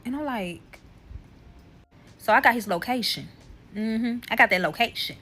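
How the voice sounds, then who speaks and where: This TikTok creator is a young woman with a slightly high voice who speaks at a measured pace. She tells a heated personal story straight to her viewers, addressing them directly and swearing freely in a profane, animated way.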